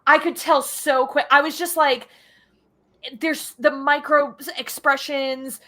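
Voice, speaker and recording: Agency owner lady chatting on a podcast, high bright voice, really animated. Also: slow. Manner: animated, energetic storyteller. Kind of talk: casual interview storytelling.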